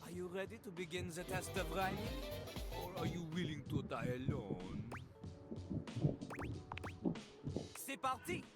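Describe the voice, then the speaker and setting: A pompous, bossy game host with a thick French accent, his voice high and swooping as he taunts the player. It rings out over loud game music. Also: animated, brisk. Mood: mocking. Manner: theatrical, bossy, mocking.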